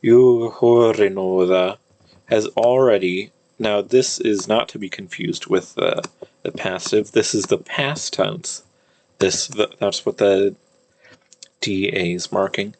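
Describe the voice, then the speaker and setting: A man teaching an old language, thinking aloud, with many fillers and restarts and slow word-by-word reading. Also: fairly low pitch. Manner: reads old-language text slowly, word by word. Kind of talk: casual screen-share lesson.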